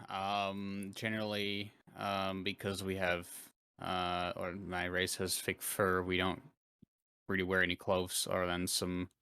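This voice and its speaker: A man's voice: low-pitched, bright, forceful tone, clean tone, no echo. A man playing a tabletop game, speaking hesitantly with many ums. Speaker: player. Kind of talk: tabletop role-play.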